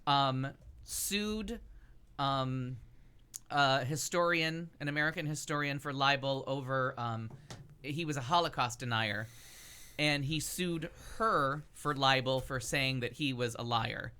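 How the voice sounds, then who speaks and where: A man co-hosting a talk show talks movies in a loose, opinionated way, swearing casually and pausing on fillers. His voice has a bright, forceful edge. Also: mid-range voice, clean tone. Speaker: podcast co-host. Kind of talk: casual chat reviewing movies.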